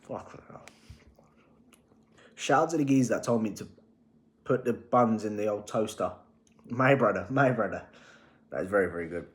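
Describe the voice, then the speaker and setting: A cheeky young man talks in a rambling, sweary way, as if vlogging while he cooks. His voice sits at an ordinary pitch. The kitchen gives the sound a noticeable echo, and faint clicks come through now and then. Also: measured pace, pauses often, a little hiss or hum. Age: 20s. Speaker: fitness vlogger. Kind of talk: casual vlog chat. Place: home kitchen.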